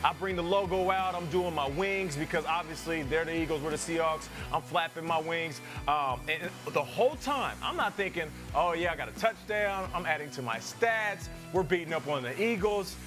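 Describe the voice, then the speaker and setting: A man in his thirties, a former pro football player co-hosting a sports show, telling a story in a lively way and acting out other people's lines. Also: normal speed, hardly any pauses, over music. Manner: lively storyteller, acts out quotes in a higher heckler voice. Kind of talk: animated storytelling chat.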